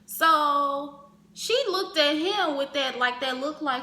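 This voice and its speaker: Bright, lively woman telling a story. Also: high voice, takes it slowly. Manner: animated, acts out other people's lines. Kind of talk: casual storytime. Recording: roomy echo.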